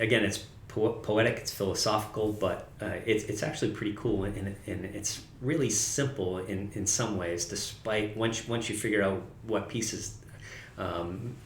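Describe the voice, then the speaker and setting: A man's voice: fairly low pitch, roomy sound. A man preaching a casual, conversational sermon as pastor, often correcting himself and laughing at his own slips.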